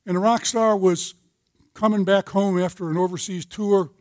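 An older man with a high voice gives a sermon-style Bible lesson to a group of men. He tells a story in a folksy way and cites scripture as he goes. The sound is dry and close. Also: steady tone, moderate pace, no echo. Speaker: men's group teacher.

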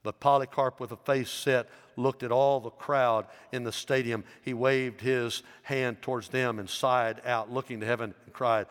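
A man's voice: mid-range voice, fairly even intonation, moderate pace, few pauses, fairly bright tone. A man, a pastor preaching a sermon as he tells a story, with rising emphasis. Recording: long reverb in a large hall.

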